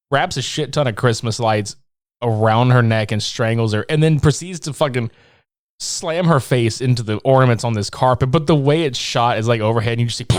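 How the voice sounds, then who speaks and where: A man's voice: mid-range voice, no echo, clean studio sound. A man co-hosting a podcast in casual chat, recapping a movie with lots of swearing and laughter and acting out quoted lines. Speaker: podcast co-host.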